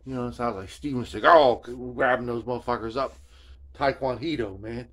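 A man's voice: medium pitch, moderate pace, a bit bright, a little hiss or hum. Slangy, profane man rambling to camera. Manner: slangy and profane, keeps saying "man" and "you know what I'm saying"; laid-back storytelling. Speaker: video host. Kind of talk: casual rambling vlog.

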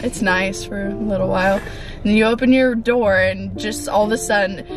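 A woman's voice: mid-range voice, steady tone, moderate pace, over music. A teenage girl telling a family story in a laid-back, matter-of-fact way during a casual vlog chat. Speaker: guest, younger sister.

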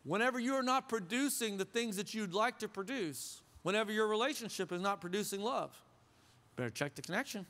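Pastor, male, high bright voice, preaching in a loose joking way, long hall reverb. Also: a little fast. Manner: conversational, joking, asks the crowd questions. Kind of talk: sermon. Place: church sanctuary.

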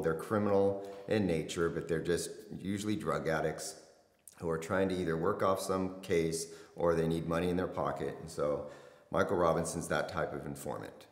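A middle-aged man, a former detective, recounting a case in blunt, conversational interview talk. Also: extremely low pitch. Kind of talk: casual storytelling interview. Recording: echoey room with long reverb.

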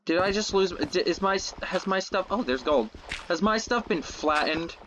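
Woman, low and lively-pitched, excitable gameplay commentator who talks to herself and swears freely. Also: moderate pace, a little hiss or hum.

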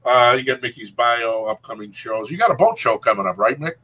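A man's voice: medium pitch, lively intonation, a little fast, pushed and bright, husky, low-quality recording. A man hosting a casual talk show, loose and chatty, often breaking off mid-sentence. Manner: loose, chatty, self-interrupting. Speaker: host.

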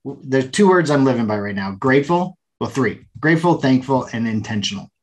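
A man's voice: medium pitch, animated, a little fast. A man co-hosting a podcast, talking enthusiastically and earnestly in casual conversation. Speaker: podcast co-host.

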